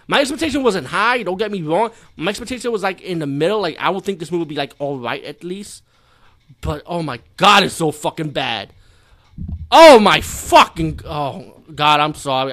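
Profane, exasperated male movie reviewer. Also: a little high. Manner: profane, exasperated, incredulous, swings from loud outbursts to muttering.

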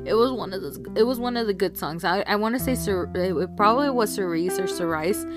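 A woman hosting a casual solo podcast rambles a little fast, laughing often and filling gaps with ums and likes. Her pitch sits in an ordinary middle range over clear guitar music.

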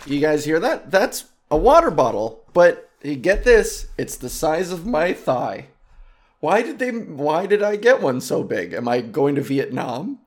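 A man's voice: on the high side, very animated, a little slow. A man hosting his own podcast, chatting alone in a rambling, impulsive and self-mocking way, trying out goofy names. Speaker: podcast host. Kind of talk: casual solo podcast chat.

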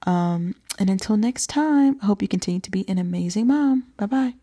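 A woman's voice: mid-range voice, expressive, a little fast. A young adult woman hosting a solo podcast, talking earnestly and coaching her listeners, sometimes dropping to a whisper for emphasis. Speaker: podcast host. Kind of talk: solo podcast talk to single moms.

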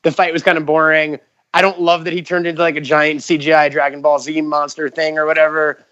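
High-voiced, animated male podcast guest. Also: fairly quick, clear, resonant tone, no echo, highs cut off. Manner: animated storyteller, swears freely. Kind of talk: casual podcast chat.

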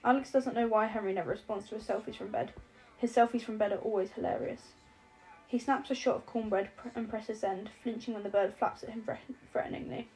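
Lady reading a novel aloud, mellow dark tone, dry little jokes, faint music behind. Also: mid-range voice, fairly even intonation, fairly quick, low-quality recording. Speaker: audiobook narrator. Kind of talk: scripted narration.

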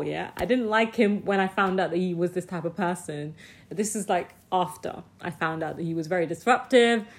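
A woman casually telling a personal story, animated, swearing freely and packing her talk with "like". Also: lowish voice. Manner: often laughs mid-sentence.

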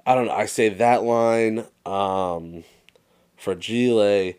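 A young man co-hosting a podcast in casual chat, an animated storyteller who swears freely and acts out movie quotes. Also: lowish voice, slow pace, clear, resonant tone. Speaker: podcast co-host.

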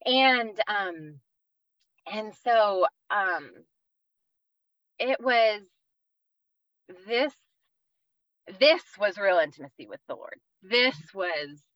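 A woman's voice: medium pitch, no echo, lo-fi sound. A woman from the East Coast of the United States, in her thirties, telling an earnest personal faith story as a podcast guest, with many fillers.

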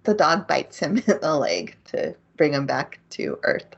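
A woman's voice: deep voice, very animated, a little slow, creaky, breathy edge, lo-fi sound. A woman co-hosting a casual podcast, retelling an anime plot and laughing often as she goes. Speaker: podcast co-host. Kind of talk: casual anime recap chat.

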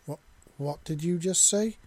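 A man's voice: a little high, moderate pace, warm tone, lightly acted. A man putting on a fiery young alien huntress. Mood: shocked.

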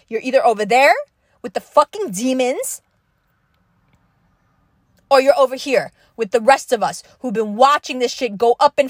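A young woman with a high voice launches into a furious podcast rant, emphatic and full of swearing. She drives each point home by repeating it, and the recording is close and dry. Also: no echo. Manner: angry, emphatic, profane, repetitive. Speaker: podcast host. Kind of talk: impassioned monologue.

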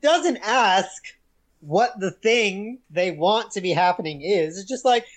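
A young woman co-hosting a podcast, recapping a TV episode in casual chat, relaxed and amused with frequent giggles. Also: mid-range voice, slow pace. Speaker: podcast co-host.

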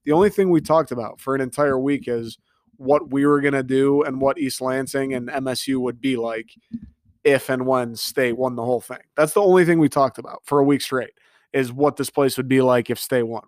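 A man's voice: mid-range voice, moderate pace, no echo, clean studio sound. A man in his twenties in a casual monologue, ranting and swearing about a loss. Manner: animated, rants and swears.

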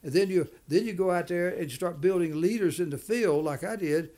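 A man's voice: high voice, a little fast, a little mellow. A man speaking as a business leader in an interview, emphatic, often repeating and restarting his words. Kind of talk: conversational interview.

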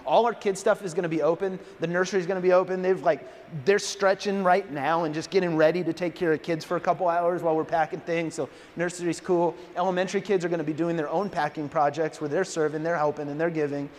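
A man in his thirties preaching as a pastor, telling a story in a lively, self-deprecating way. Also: a little high, quick pace. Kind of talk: sermon with storytelling. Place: large church hall. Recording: reverberant hall, faint ambience.

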